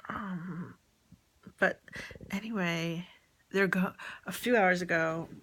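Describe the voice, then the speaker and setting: A woman rambling and venting in a personal audio diary, often halting and trailing off mid-thought. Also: on the low side, a bit bright. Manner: venting about a relative.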